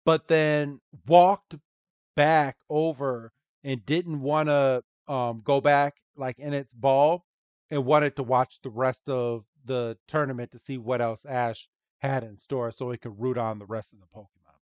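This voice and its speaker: A man's voice: medium pitch, fairly even intonation, a little slow, clear, resonant tone, dry recording, lo-fi sound. A man co-hosting a podcast, chatting casually and animatedly, recapping a cartoon with frequent laughs and apologetic asides. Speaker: podcast co-host.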